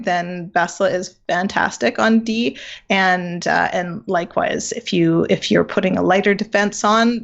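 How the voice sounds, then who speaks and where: A woman's voice: medium pitch, gravelly, highs cut off. A woman answering game strategy questions in a casual live Q&A, thinking aloud with many fillers and repeated words.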